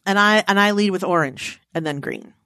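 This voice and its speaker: A woman co-hosting a casual chat, playful and animated, her pitch jumping up when she gets excited. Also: normal speed, no echo, clean studio sound.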